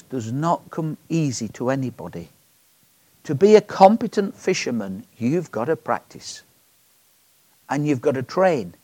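A man's voice: fairly high pitch, warm tone, husky, dry recording. A man preaching a sermon in a chatty, joking way, often asking the congregation questions.

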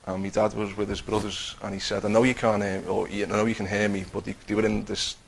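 A man's voice: lowish voice, flat delivery, fast, vocal fry, husky, poor audio. A man telling a personal faith testimony in a conversational way, acting out what he and others said. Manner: conversational, acts out his own quotes, many restarts.

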